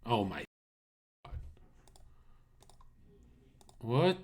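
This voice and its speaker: A man's voice: medium pitch, wildly swooping pitch, extremely slow, a little mellow. A man live-streaming casual commentary, talking bluntly to his chat with profanity and incredulous rhetorical questions.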